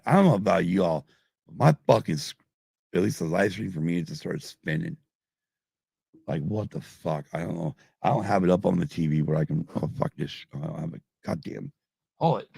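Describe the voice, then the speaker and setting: In a studio-quality recording with no echo, a middle-aged podcast host chats casually on a live stream, drinking, tipsy, rambling, and swearing nonstop. His low-pitched voice moves at normal speed, creaky and mellow with a breathy edge, and he pauses often.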